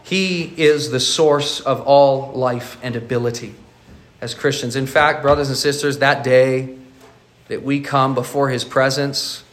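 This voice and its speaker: A man's voice: medium pitch, steady tone, measured pace, reverberant. A male pastor preaching a sermon earnestly, often repeating words as he starts a phrase.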